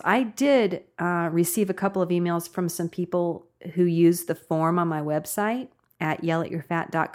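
Woman podcast host, bubbly and chatty, laughs a lot, fairly low voice. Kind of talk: casual chat.

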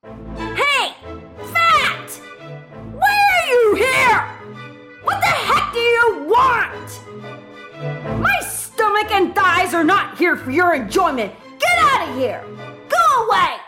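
A woman putting on a very high, shrill voice that swoops wildly up and down as she yells at her own body fat in a mock-angry rant. Every word is dragged out slowly, and loud music plays underneath. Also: very animated, full character voice. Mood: shrill scolding. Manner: yelling, mock-angry ranting.

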